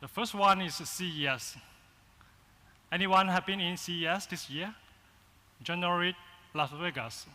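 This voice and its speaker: A man with a Chinese accent gives a keynote in a large conference hall, speaking in short, halting phrases. His voice is high and bright, and the long hall reverb trails each phrase. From China. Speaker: agency founder, keynote speaker.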